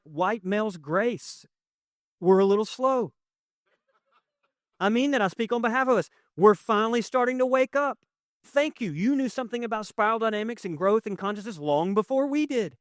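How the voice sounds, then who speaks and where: A young man preaching a sermon as pastor, conversational and emotional, swinging from loud to hushed. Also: high voice, dry recording, studio quality. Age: young adult. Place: church sanctuary with audience.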